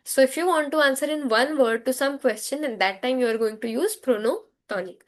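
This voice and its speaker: A woman with an Indian English accent teaching a French grammar lesson, drilling words slowly and having students repeat after her. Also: high voice. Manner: slow, repetitive drilling with call-and-response.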